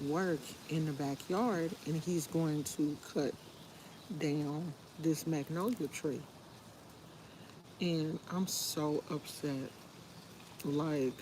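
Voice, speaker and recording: A woman talks to her livestream viewers from her backyard, wistful and rambling, taking her time over every thought. Her unhurried voice comes through a handheld phone held outdoors, with a faint wash of open-air noise behind her. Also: deep voice. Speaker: livestream host. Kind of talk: casual live chat.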